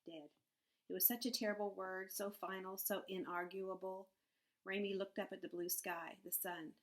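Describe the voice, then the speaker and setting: A woman reading a children's novel aloud in a measured, expressive narration. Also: mid-range voice, low-quality recording. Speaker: audiobook narrator. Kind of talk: scripted narration.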